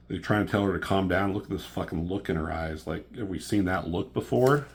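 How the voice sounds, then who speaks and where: Man, comic reviewer, casual recap, excitable, swears a lot, somewhat low voice. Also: fairly quick, husky. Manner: profane, excitable, filler-heavy retelling.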